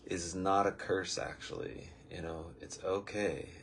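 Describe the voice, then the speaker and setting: A man's voice: sits low, little pitch movement, a little slow, creaky, slight background noise. A man leading a daily spiritual lesson in a casual, rambling, reflective and good-humored way. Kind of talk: casual, meandering spiritual talk.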